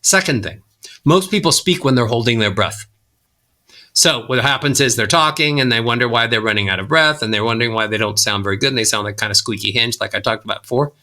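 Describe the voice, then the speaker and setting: A middle-aged man, a voice coach, teaching in a podcast interview and showing tips with his own voice. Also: quick pace. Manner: animated teacher, swoops pitch up and down to demonstrate. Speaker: voice coach guest.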